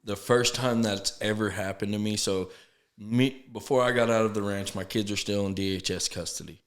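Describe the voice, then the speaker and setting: A man, a podcast guest telling his story in an earnest, halting way, often restarting and acting out quotes. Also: on the low side, steady tone. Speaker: podcast guest, sober living founder. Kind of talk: casual storytelling interview.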